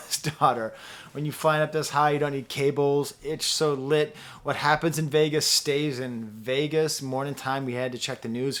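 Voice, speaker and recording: A man's voice: medium pitch, a bit bright. A man giving a casual spoken album review, chatty and wry, now and then quoting lyrics in a sing-song voice. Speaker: music reviewer.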